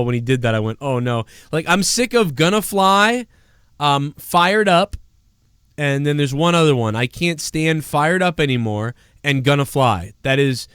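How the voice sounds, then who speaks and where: A man's voice: a little high, clear, resonant tone, no echo, studio quality. A man hosting a live wrestling talk stream, chatting casually and rambling with plenty of swearing. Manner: rambling, profane, breaks into loud mock impressions.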